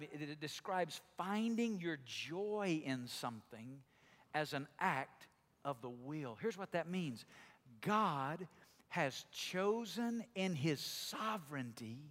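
A man from Alabama with a Southern drawl, preaching a sermon as pastor, moving between loud exclaiming and slow, quiet emphasis. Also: sits high, big-room sound. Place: church sanctuary.

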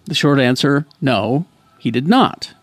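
A man's voice: medium pitch, lively intonation, a little slow, no echo. A man hosting a casual podcast chat, reading out news with frequent fillers and restarts. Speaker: podcast host.

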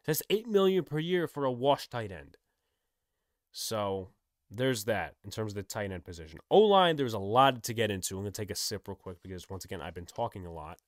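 An opinionated man talks through his team's moves in a casual monologue, his pitch swinging widely as he gets exasperated. The sound is dry and close, with no room around him. He leans on rhetorical questions and blunt verdicts. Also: very animated, a little fast, no room sound. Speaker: sports commentator. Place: indoors, on camera.

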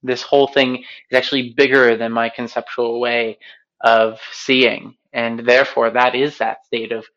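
A man telling stories and reflecting in a relaxed conversation, animated when recounting and measured when he muses. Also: mid-range voice, dull audio.

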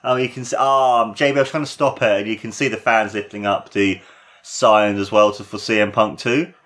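A man giving casual, excitable play-by-play commentary on a wrestling match, his voice jumping up at big moves and swearing now and then. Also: on the low side, normal speed.

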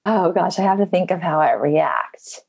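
A woman's voice: lowish voice, expressive, normal speed, gravelly, a little mellow, husky. Reflective mother in a coaching session. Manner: open, self-reflective, laughs easily.

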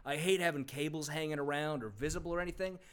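A man co-hosting a casual podcast, animated and joking, quick to laugh. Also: on the high side, clear, resonant tone. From St. Louis area. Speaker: podcast co-host.

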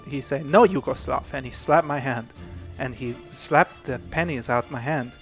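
A man's voice: mid-range voice, moderate pace, creaky, fairly bright tone, soft background music. A man voicing a young adult daughter with a thick mock foreign accent and broken English, playful and giggly.

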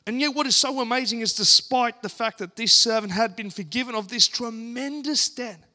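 A man preaching a sermon and reading scripture aloud, earnest and deliberate, with dramatic pauses and emphatic rises. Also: very high voice, bright, forceful tone.

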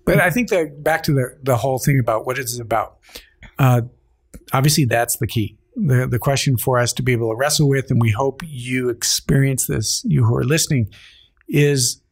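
Husky gravelly priest co-hosting a podcast. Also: male voice, mid-range voice. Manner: dry, deadpan humor, halting restarts. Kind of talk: casual chat turning reflective.

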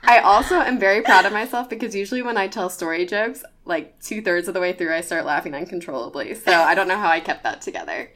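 A woman's voice: lowish voice, lively intonation, quick pace, hardly any pauses, fairly bright tone. A woman co-hosting a book podcast in giggly, casual chat. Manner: giggly, chatty storyteller. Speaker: podcast co-host.

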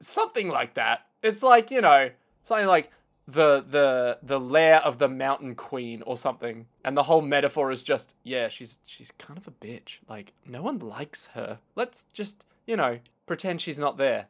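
A young man co-hosting a podcast in casual chat, animated and jokey, going off on tangents and slipping into quick impressions. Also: medium pitch. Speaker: podcast co-host.

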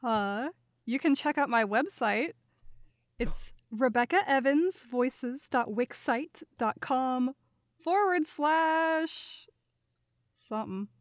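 Guest player: giggly Minnesotan woman, high and dry-sounding. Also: expressive, takes it slowly, no echo. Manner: giggly, bubbly, lots of fillers. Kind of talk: casual tabletop game chat.

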